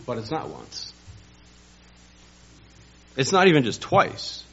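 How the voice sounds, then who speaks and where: A man preaching a Sunday sermon, telling a story dramatically and building to loud emphasis, on a dull, lo-fi recording. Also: medium pitch, wildly swooping pitch, slow, gravelly, a little hiss or hum. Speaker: pastor.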